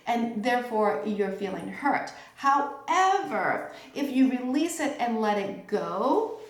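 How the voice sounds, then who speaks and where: A middle-aged woman teaching a tarot class in a relaxed, chatty way, often checking in with her listeners. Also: on the high side, slow pace. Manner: chatty, checks in with "okay?" and "right?". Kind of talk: informal teaching talk. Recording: echoey room.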